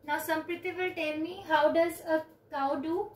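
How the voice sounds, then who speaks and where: A woman, teaching children yoga on a video call with slow, clear instructions and counting. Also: extremely high pitch, steady tone. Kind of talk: online yoga class for children. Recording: roomy, distant from the mic.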